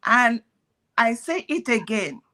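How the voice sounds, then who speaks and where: Woman, earnest activist lecturing in parables, slow delivery, a bit high-pitched. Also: big pitch swings, sharp tone. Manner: earnest, preachy, speaks in parables. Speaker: activist speaking on a call. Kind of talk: impassioned commentary.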